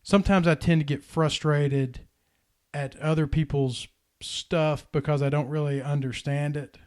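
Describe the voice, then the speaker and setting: A man's voice: on the high side, steady tone, measured pace, darkish tone. Earnest man telling a story. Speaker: podcast host. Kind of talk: casual chat, storytelling.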